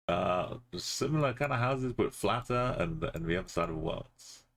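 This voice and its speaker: A man's voice: medium pitch, creaky, a bit bright. A man streaming a geography game, casually muttering place names and making playful asides. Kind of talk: casual live-stream commentary while playing.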